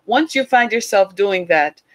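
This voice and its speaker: A woman in her forties giving a sermon-style talk, telling a family story with animated acted-out dialogue. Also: unhurried. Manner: animated storytelling, acting out quoted dialogue in a higher voice. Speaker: speaker addressing a congregation.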